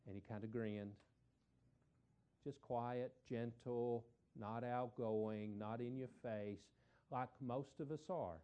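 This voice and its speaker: A middle-aged man, a preacher telling a folksy story in a sermon, repeating words and swelling louder for emphasis. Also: mid-range voice.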